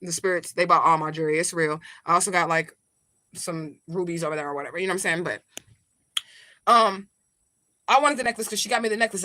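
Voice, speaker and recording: Woman medium chatting to her viewers, swears a lot, bright sharp voice. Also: fairly low pitch, no room sound. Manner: profane, chatty, talks straight to viewers. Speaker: spiritual medium. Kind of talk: casual storytelling vlog.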